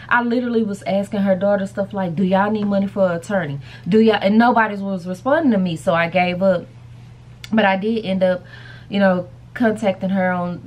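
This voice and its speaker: A woman's voice: lowish voice, a little hiss or hum. A woman chatting casually to camera in a rambling vlog, calling her viewers y'all and baby. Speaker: vlogger.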